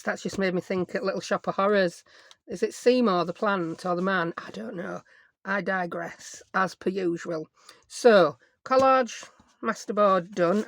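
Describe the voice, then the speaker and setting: A woman's voice: mid-range voice, a little hiss or hum. A woman, chatting casually as a craft vlogger at her home desk, rambling with self-mocking asides. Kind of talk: casual chat while crafting.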